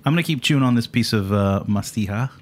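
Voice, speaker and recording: Fast-talking male podcast host. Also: mid-range voice, animated. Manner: jokey, quick interjections. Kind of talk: casual chat.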